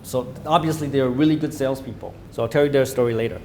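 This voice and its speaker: A man's voice: medium pitch, steady tone, fast talker, warm tone, slight background noise. A man giving a sales training lecture to a live class, emphatic and acting out phone calls in a commanding tone.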